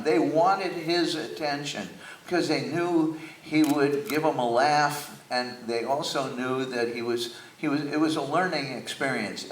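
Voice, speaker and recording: A man's voice: on the high side, a little hiss or hum. A man telling stories about his father on stage before an audience, talking with frequent restarts. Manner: reminiscing, warm storytelling with restarts. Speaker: guest speaker. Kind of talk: onstage talk with a live audience. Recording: echoey theater, mic from a distance.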